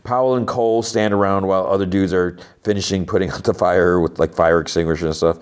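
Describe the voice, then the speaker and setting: Deep voiced guy on a podcast talking thru an episode, says "like" a ton, snarky asides. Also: fairly even intonation, quick pace, clean tone. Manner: retells scenes with quoted dialogue, lots of "like"; sarcastic asides to characters. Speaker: podcast host. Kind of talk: casual episode recap.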